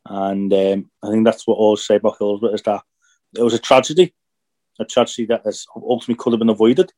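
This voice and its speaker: Reflective, halting young man. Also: lowish voice, steady tone, mellow. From Northern Ireland. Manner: reflective, halting, searching for words. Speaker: podcast co-host. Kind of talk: casual podcast chat.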